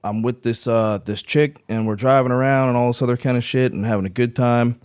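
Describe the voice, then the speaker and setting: A man's voice: medium pitch, steady tone, a little fast, darkish tone, clear, resonant tone. A man who is a veteran, guest on a podcast, telling his own story in a casual, profane, rambling way, often tagging his sentences with "right?".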